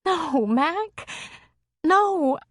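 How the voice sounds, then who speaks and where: A woman narrator voicing an emotional young woman in love, raising her voice higher for her. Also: animated, drawn-out words, no echo, studio quality, exaggerated voice.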